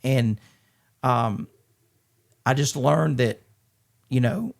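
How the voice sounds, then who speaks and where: A middle-aged man from Georgia in the US, telling his story as a podcast guest in an earnest, halting way with many restarts. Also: mid-range voice, vocal fry. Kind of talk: candid conversational storytelling.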